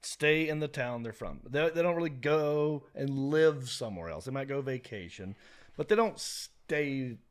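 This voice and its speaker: A man from North Carolina with a North Carolina accent, a guest comedian in a casual podcast chat, telling lively stories and acting out the voices of people he quotes. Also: mid-range voice, a little slow. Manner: animated storyteller who acts out quoted voices.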